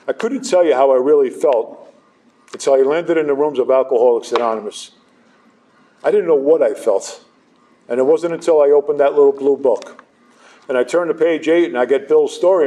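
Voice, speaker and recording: A man's voice: fairly high pitch, mellow. A middle-aged man sharing his recovery story with a live audience, conversational and self-deprecating.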